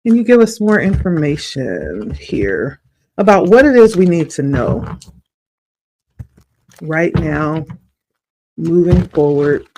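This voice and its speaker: A tarot reader with a somewhat high, darkish voice gives a spiritual reading, his throat slightly rough with morning hoarseness. He speaks very slowly with frequent pauses and big pitch swings, in a reflective, encouraging way.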